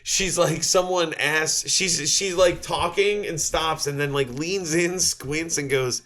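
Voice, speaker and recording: Rambling, profane podcast co-host. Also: male voice, a little high, steady tone, takes it slowly, fairly bright tone. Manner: rambling, profane, laughing storyteller. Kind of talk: casual comedic chat.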